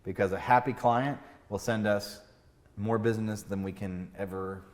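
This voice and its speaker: A man hosting a podcast as an estate planning lawyer, chatting casually with lively storytelling and frequent restarts. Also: normal speed. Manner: animated storytelling, acts out doctor skits with big pitch jumps; fillers and restarts, laughs at own jokes. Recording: room with long reverb.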